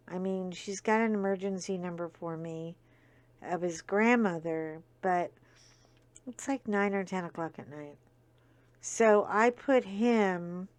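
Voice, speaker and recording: Woman, middle-aged, casual storytelling host, rambling with fillers, sniffly nose, slow pace. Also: mid-range voice, no echo. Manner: rambling, full of fillers and asides.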